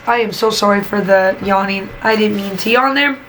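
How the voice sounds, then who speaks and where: A woman's voice: medium pitch, fast, hardly any pauses, fairly bright tone, slight background noise, poor audio. A woman, chatting enthusiastically while she crafts and talks to her channel, with many fillers. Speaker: craft YouTuber and teacher. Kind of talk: casual crafting vlog voice-over.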